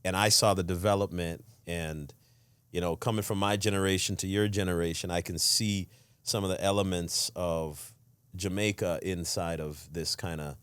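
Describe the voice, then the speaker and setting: A man's voice: low voice, fairly even intonation, moderate pace, fairly bright tone, clean tone, no room sound. A middle-aged man from Toronto hosting an interview, easygoing and often repeating words as he starts a question. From Toronto, Canada. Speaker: podcast host.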